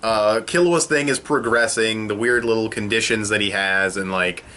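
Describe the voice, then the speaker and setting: A young man giving an excitable, profane casual review of an anime episode from a room at home. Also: lowish voice, normal speed. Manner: excitable and profane, swears often.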